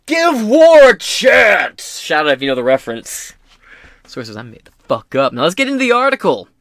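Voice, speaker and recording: A man's voice: mid-range voice, huge pitch swings, quick pace, a bit bright, no room sound. A man hosting a podcast, riffing on news in a rambling, profane, joking way. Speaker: podcast host. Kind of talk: casual political podcast commentary.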